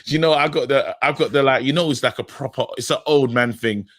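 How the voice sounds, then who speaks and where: A man co-hosting a live match watchalong, excitable, laughing often and putting on voices for players. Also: mid-range voice, fast talker, no echo. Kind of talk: casual live match commentary.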